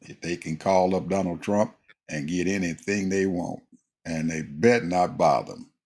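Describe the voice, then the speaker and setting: A man's voice: deep voice, moderate pace, darkish tone, slightly rough. A man in casual conversation who speaks emphatically, like a preacher, and addresses listeners as folks.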